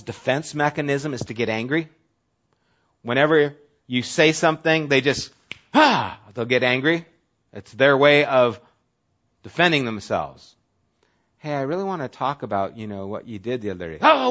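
A male pastor preaching a sermon in a casual, conversational way, sometimes dropping to a soft, low voice for emphasis. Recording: dull lo-fi audio.

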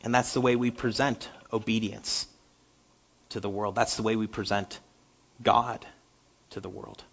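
A male preacher delivers a sermon in a husky, slightly breathy voice, stumbling over repeated words as he builds up and then sinks to a hush. The recording sounds dull and lo-fi. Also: fairly low pitch, fairly even intonation, a little slow.

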